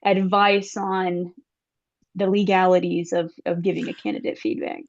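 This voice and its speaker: A woman moderating a webinar, politely and briskly passing on a question from the chat. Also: fairly low pitch, flat delivery. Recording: dull lo-fi call audio.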